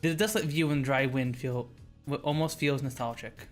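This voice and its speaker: A man's voice: medium pitch, steady tone, moderate pace, soft background music, lightly acted. A man reading a young female protagonist's first-person narration in a visual novel read-along. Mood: calm.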